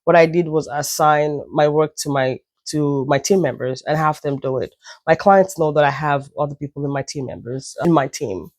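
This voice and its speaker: A woman's voice: low voice, normal speed, darkish tone, no room sound, studio quality. A woman telling a chatty, meandering story at home, her nose stuffy and breaking into an occasional cough. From Nigeria. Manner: chatty, self-deprecating, meandering asides. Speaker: vlogger. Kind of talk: casual storytelling vlog.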